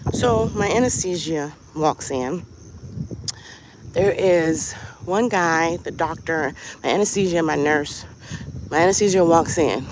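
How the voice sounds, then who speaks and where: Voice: medium pitch, background noise. A podcast host telling a story in a casual monologue, swearing freely and firing off rhetorical questions. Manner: profane, animated, rhetorical questions. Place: outdoors on a walk.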